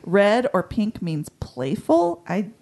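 Nerdy podcast girl explaining flower meanings, lively up and down voice. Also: mid-range voice, takes it slowly, gravelly. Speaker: podcast co-host. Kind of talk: casual chat.

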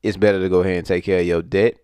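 A man in a casual chat; relaxed, swears freely and says "like" often. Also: deep voice, racing, clear, resonant tone, no echo.

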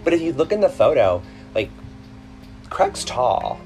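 A man's voice: on the high side, big pitch swings, fast talker, darkish tone, faint music behind. A man hosting a podcast in a casual, rambling chat, full of ums and self-corrections. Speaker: podcast host.

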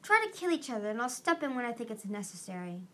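A woman voicing a stern, harsh male dragon who trains young dragons in battle, with a gruff, commanding delivery. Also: fairly high pitch, expressive, fast, fairly bright tone.

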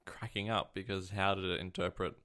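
This tech podcast co-host speaks in a low, slightly bright voice with a flat delivery and moderate pace. His casual stories wander, and he keeps correcting himself along the way.

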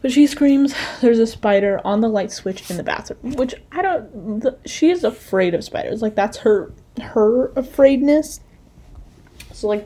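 A woman's voice: medium pitch, mellow. A young adult woman, a college student, telling a rambling casual story with lots of "like" and "anyways". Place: dorm room.

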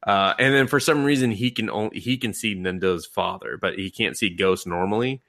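Bright-voiced man recapping a show. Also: fairly low pitch, normal speed. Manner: animated storytelling, acting out characters' lines and laughing. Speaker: podcast host. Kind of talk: casual chat recapping an anime.

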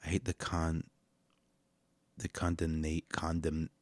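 A man with a low voice hosts his podcast, rambling and cursing his way through comic commentary. He is recorded close and dry, with no room sound around him. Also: takes it slowly, no room sound. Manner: rambling, profane, animated storyteller. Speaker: podcast host reacting to videos. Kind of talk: casual comedic commentary.

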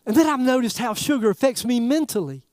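A man preaching a sermon in a folksy, animated way, throwing rhetorical questions at the congregation. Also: very high voice, quick pace, dry recording, studio quality. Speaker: pastor.

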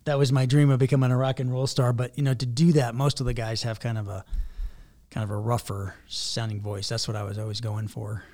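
A man's voice: little pitch movement, brisk, warm tone. A man co-hosting a podcast in casual chat, talking with a sore throat and laughing easily. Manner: chatty, laughs easily, says he has a rather high voice. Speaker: podcast co-host.

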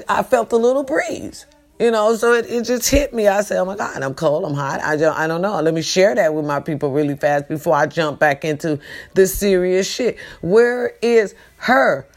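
A woman talking to her followers in an emphatic late-night monologue, repeating herself and calling out to them, recorded at home. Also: fairly high pitch. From California. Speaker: vlogger.

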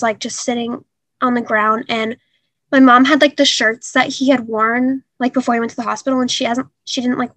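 Earnest young woman, halting with fillers. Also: a little high, fairly bright tone, no room sound. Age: young adult. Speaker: guest. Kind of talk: personal story in an interview.

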